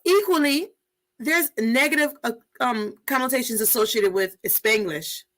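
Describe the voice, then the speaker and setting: This is a woman hosting a podcast in a casual, outspoken way. Her voice is bright and sits a little high. She drops Spanish words and phrases into her English as she talks. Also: measured pace, poor audio. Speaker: podcast host.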